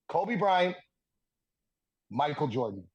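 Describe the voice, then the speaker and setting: A man in his thirties, a podcast guest telling stories in a casual, animated way and laughing through the punchlines. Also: high-pitched, gravelly, breathy edge, poor audio. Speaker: podcast guest, former hockey defenseman. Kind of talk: casual storytelling.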